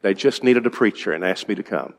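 A man's voice: lowish voice, animated, fairly quick. A male preacher giving an evening sermon in a conversational way, asking his congregation questions. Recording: long reverb in a large hall.

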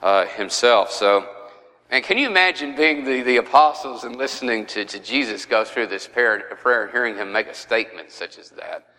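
Bright-voiced man teaching a Bible study. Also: medium pitch, lively intonation, moderate pace, long reverb tail, poor audio. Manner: conversational, with frequent fillers.

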